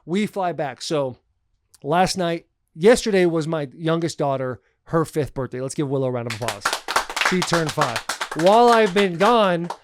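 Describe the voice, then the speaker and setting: Animated man telling a family story. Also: on the high side, moderate pace. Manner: animated, loose, says "dude" a lot. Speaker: podcast host. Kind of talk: casual storytelling chat.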